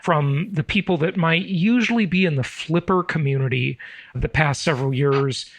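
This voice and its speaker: A middle-aged man hosting an interview podcast, chatty, with quick asides and self-corrections. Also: a little high, no room sound. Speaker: podcast host.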